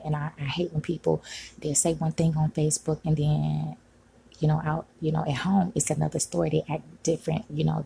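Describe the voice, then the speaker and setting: A woman venting in an upset vlog, talking agitatedly and sometimes dropping to a hush, recorded at home on a phone. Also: sits low, vocal fry, husky, rough recording. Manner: agitated, venting, frequent "like" and "you know". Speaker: vlogger. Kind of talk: upset personal vlog rant. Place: home room.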